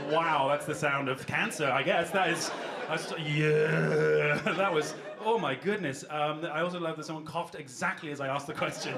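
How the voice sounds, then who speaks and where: This stand-up comedian has a slightly high voice and works a club crowd with a rambling, self-deprecating routine, chatting with the audience. The live recording has a noisy background full of loud laughter.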